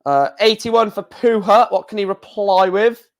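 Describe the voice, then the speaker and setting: A man calls darts scores on his live stream at an unhurried pace, his voice sitting a little high. His talk is chatty and exclamatory, with mild swearing between results. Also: expressive.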